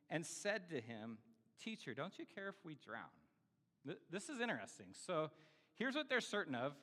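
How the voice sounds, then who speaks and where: Male pastor, fairly high voice, chatty sermon, long church reverb. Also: bright, forceful tone. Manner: conversational, self-deprecating, many fillers. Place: church sanctuary.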